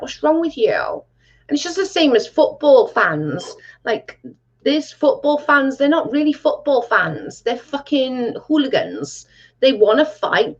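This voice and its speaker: A woman hosting a casual livestream and reading chat. She talks bluntly, swears freely and says "like" a lot. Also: medium pitch. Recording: dull lo-fi sound.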